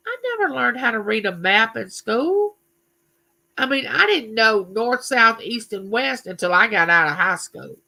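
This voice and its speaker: A woman's voice: mid-range voice, pushed and bright, rough recording. A woman, chatting casually and telling stories on her live stream, greeting viewers by name. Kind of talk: casual chat.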